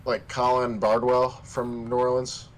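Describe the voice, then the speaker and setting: A man's voice: medium pitch, little pitch movement, unhurried, rough recording. A man chatting with friends during a game stream, explaining things and laughing along. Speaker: gaming companion. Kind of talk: casual chat while gaming.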